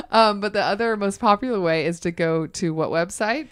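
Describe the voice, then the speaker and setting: A woman's voice: mid-range voice, normal speed, clear, resonant tone, no echo, studio quality. A woman co-hosting a podcast, bantering and teasing as she runs the segment. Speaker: podcast co-host. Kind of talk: casual chat.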